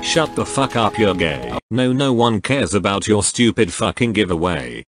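Male YouTuber, mocking reaction commentary, crude and foul-mouthed, lowish voice, music bed underneath. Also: big pitch swings, normal speed. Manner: crude, sarcastic ranting with heavy swearing. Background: background music.

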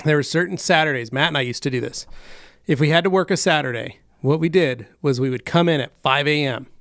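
Casting: male podcast co-host, fairly high voice, easygoing, dry close sound. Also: brisk, a bit bright, no room sound. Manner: easygoing, reads out comments. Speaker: podcast co-host reading viewer questions. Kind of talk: casual chat. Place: studio.

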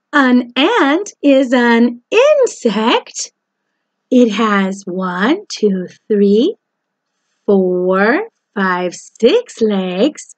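A woman teaching a preschool phonics lesson, talking slowly with exaggerated, sing-song delivery, oohs and gasps. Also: on the high side, no echo.

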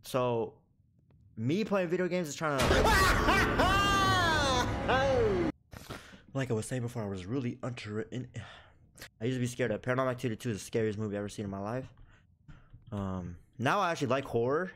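A young man talks through a horror game with crude, joking commentary, scolding the characters as if they could hear him. His pitch swings widely, and frights push him into sudden high yelps. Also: animated, fast, faint music behind. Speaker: gaming YouTuber.

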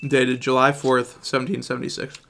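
A man's voice: medium pitch, brisk, gravelly, a little hiss or hum. A man chewing gum reads the part of a poised, skeptical woman archivist without changing his voice. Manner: plain, flat line reading. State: chewing gum, mouth full.

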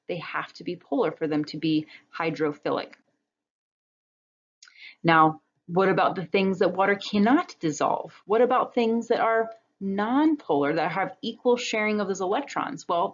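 A woman's voice: lowish voice, highs cut off. A woman biology instructor giving a recorded lecture over slides, explaining step by step in a conversational way. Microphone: webcam or computer mic on a talking-head recording.

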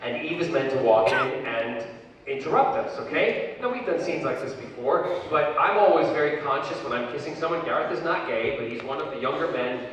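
A man on stage as a convention panel guest, telling an animated anecdote and acting out the others' voices. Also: mid-range voice, brisk, background noise. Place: large convention hall. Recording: echoey hall, distant mic, crowd.

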